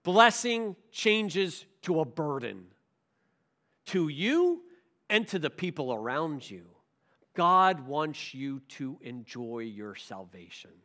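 Animated preaching man, bright voice. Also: fairly high pitch, slow. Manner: emphatic preaching, rhetorical questions. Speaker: pastor. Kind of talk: sermon.

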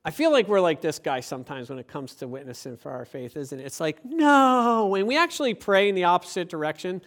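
A man preaching a sermon, lively and conversational, acting out little quoted exchanges and building to emphatic points. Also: a little high, quick pace. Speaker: pastor.

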